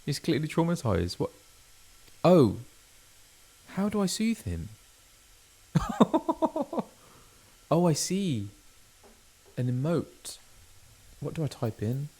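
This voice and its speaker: Chatty, animated man streaming a game. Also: on the high side, unhurried, long pauses. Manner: chatty, animated, self-interrupting. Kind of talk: casual gameplay chat.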